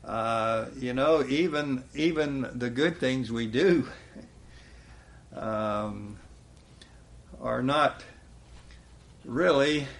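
A man's voice: mid-range voice, fairly bright tone. A man preaching a sermon in a folksy way, chuckling often and quoting scripture with rising emphasis.

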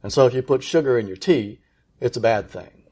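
A man preaching with steady conviction. He leans hard on key phrases and slows down to drive them home, in an ordinary-pitched voice. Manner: earnest, emphatic preaching, slows for key words. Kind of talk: sermon.

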